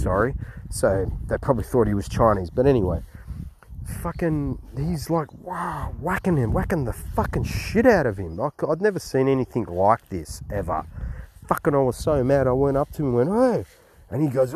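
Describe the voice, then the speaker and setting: A man with an Australian accent telling a travel story in a rambling way, swearing often and restarting sentences. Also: fairly low pitch. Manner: rambling and profane, with many restarts. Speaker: travel vlogger. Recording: noisy recording with clicks. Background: steady background noise.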